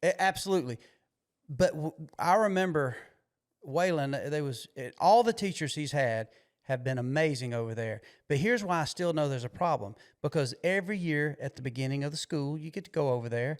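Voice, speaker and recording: A man's voice: fairly high pitch, lively intonation, a little fast. A man hosting a podcast, telling stories bluntly and with emphasis in casual conversation. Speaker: podcast host.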